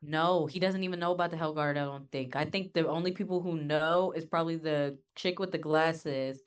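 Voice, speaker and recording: Blunt, joking woman with a lowish voice. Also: steady tone, smooth. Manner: blunt, jokey, quick to interject. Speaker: co-host. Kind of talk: casual anime reaction chat.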